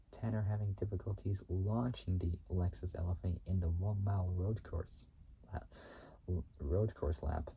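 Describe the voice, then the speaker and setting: A man reads car facts for his own video in a very low, dark, mellow voice. He stumbles often, restarting and repeating phrases before correcting himself. A faint hiss sits under the recording. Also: low-quality recording. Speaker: YouTube channel host.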